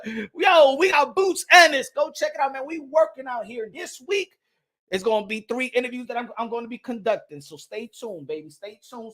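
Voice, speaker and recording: A man hosting a casual boxing commentary vlog, ranting loudly and profanely, repeating phrases and laughing at his own points. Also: very high-pitched. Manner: loud, profane, heated ranting with bursts of shouting. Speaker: boxing channel host.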